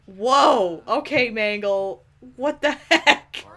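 Very slow and fairly high-pitched, this woman's voice has a sharp tone. She hosts let's plays, commenting on the game with playful giggles, teasing the characters and addressing them directly on screen.

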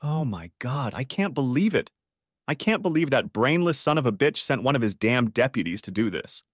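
A man voicing a furious, shrill woman who yells and curses, in a storybook reading. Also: sing-song, normal speed, no room sound, studio quality. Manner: yelling, cursing, shrill.

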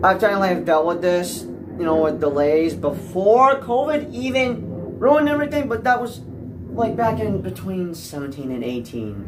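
A man vlogging about movies in a rambling, anxious and excitable rant, stammering and restarting as he talks, recorded at home. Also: mid-range voice, background noise.

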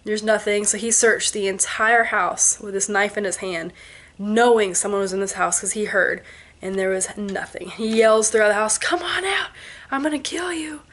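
A woman in her twenties, a vlogger, telling a ghost story to camera in an animated way, with sound effects and quoted voices. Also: medium pitch, moderate pace. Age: 20s.

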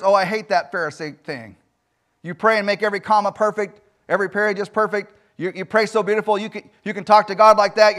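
Male pastor, high voice, emphatic sermon in a church, swings loud and soft. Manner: emphatic preaching with rhetorical questions and sudden loud swings. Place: church sanctuary.

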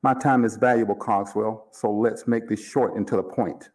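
A man reading aloud, voicing a calm, formal mortician who speaks with polite, amused menace. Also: lowish voice, close to an everyday voice. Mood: cool menace. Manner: measured, formal, coolly amused. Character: calm, cold-blooded older male mortician, polite and menacing.

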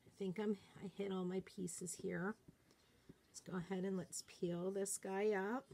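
A woman hosting a live craft demonstration, chatting casually and excitedly, often murmuring quietly to herself as she works. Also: medium pitch, unhurried, gravelly, slight background noise. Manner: bubbly, chatty, self-deprecating, often drops to a murmur while working. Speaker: craft livestream host.

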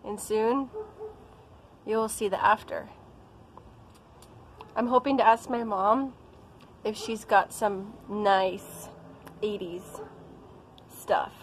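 A woman's voice: medium pitch, steady tone, takes it slowly, pauses often, slight background noise, poor audio. A young American woman talking casually in a vlog, chatty and playful. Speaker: vlogger.

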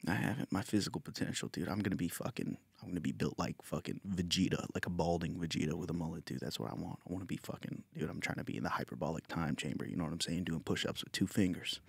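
A man's voice: low-pitched, fast talker, gravelly, few pauses, husky, no echo. A man from Virginia hosting a comedy podcast in a crude, rambling, boastful monologue. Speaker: podcast host.

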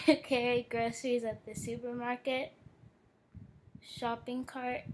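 A woman's voice: fairly high pitch, a little mellow, a little hiss or hum, rough recording. A young woman from Colorado with a Colorado accent, casually reading questions and word lists aloud and answering them briefly. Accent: American, Colorado. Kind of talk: casual reading of a list challenge.

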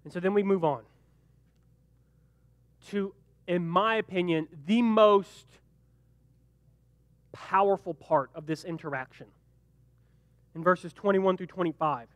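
A young man leading a youth group Bible lesson, joking and animated, briefly acting out the characters in the story. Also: high-pitched, no echo, dull audio. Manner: animated and joking, acts out quick character voices. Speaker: youth pastor.

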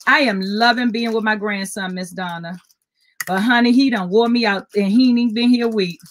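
A woman's voice: medium pitch, fairly quick, slight background noise. An older woman hosting a live jewelry sales stream, chatting with viewers and repeating item codes.

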